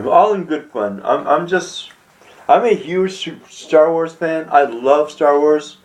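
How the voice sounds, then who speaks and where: Young man, amateur comedy vlogger, rambling, halting, repeats words, slightly high voice. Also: rough recording. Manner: halting, repeats words, laughs at own jokes. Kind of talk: casual rambling storytelling.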